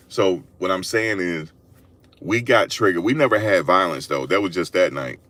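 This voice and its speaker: Man, deep-ish voice, slangy storyteller, animated and repetitive, recorded on a phone in a car. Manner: animated, slangy, repeats himself, laughs a lot. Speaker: vlogger. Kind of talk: storytelling monologue. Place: in a parked car.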